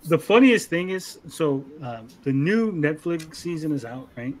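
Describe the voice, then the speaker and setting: Animated man riffing on an anime. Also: fairly high pitch, moderate pace. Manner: animated, acts out character quotes in funny voices. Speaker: podcast co-host. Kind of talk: casual anime review chat.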